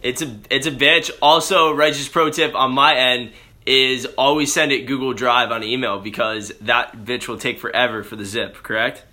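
A man's voice: medium pitch, fairly even intonation, normal speed, bright, forceful tone. A man hosting a casual chat, laid-back and slangy, laughing often. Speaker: host.

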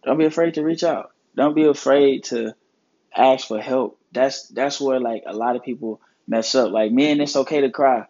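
A man's voice: medium pitch, moderate pace, warm tone. Man giving earnest motivational talk, lo-fi. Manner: earnest, preachy, heavy swearing and slang. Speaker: podcast host.

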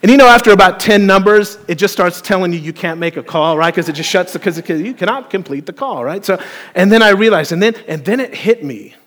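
A man preaching a sermon as pastor, telling a story with playful, animated asides to the congregation. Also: sits high, fast talker. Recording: long hall reverb.

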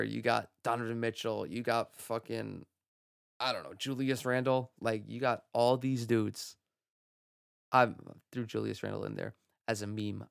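Gravelly profane young man ranting. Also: lowish voice, no echo, studio quality. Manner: profane, excitable, laughs at own jokes. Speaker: podcast host. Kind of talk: solo sports podcast rant. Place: home room.

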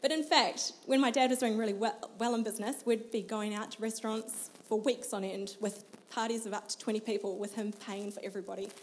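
A woman's voice: medium pitch, fairly even intonation, brisk, few pauses, a little hiss or hum. New woman sharing her testimony. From New Zealand. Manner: earnest, emotional storytelling with frequent laughs. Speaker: guest. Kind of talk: personal testimony in an interview.

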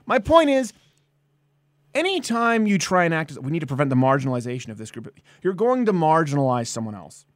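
Male host, live-stream ranter: lively, emphatic, slightly high voice, dry close sound. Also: brisk, dry recording. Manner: animated, emphatic ranting with jokes. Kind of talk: political comedy live-stream chat.

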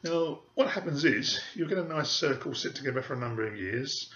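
A man's voice: mid-range voice, lively intonation, brisk, a bit bright. A man, a psychic medium, speaking in an emphatic podcast monologue and scornful of fakery. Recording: echoey room, dull audio.

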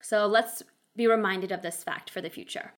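A woman's voice: medium pitch, steady tone, normal speed. A woman recapping a historical drama episode in a casual narrated style, with wry, sarcastic asides.

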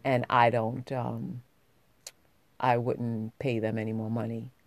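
A woman's voice: rumbling low, flat delivery, takes it slowly, dry recording. A woman vlogging, telling a personal story in a heartfelt, rambling way with many restarts, getting emotional as she talks.

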